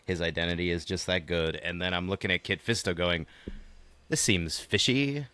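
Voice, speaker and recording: A man's voice: low-pitched, flat delivery, quick pace, bright, forceful tone, clean tone. A man co-hosting a casual hobby gaming podcast, joking with dry sarcasm. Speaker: podcast co-host. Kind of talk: casual chat.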